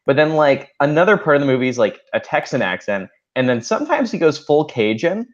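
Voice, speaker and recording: A man co-hosting a podcast, his pitch swinging widely as he rants with dry humor. The audio is a little dull and lo-fi. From Midwest of the United States. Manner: wry, animated rants with quick laughs. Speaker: podcast co-host. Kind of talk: casual podcast chat about a film.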